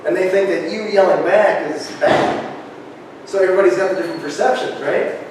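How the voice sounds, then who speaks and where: A man giving a lively workshop talk to a live group, often checking in with "right?", recorded on a distant camera. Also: sits high, a little fast, background noise. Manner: energetic, keeps asking "right?". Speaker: presenter. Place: large echoey room. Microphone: camera far from speaker. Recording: echoey hall, distant camera.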